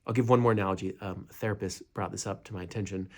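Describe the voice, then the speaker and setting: A man's voice: low voice, steady tone, racing. A young man teaching meditation in a casual, rambling way, with many fillers and restarts, sometimes acting out what a friend might say.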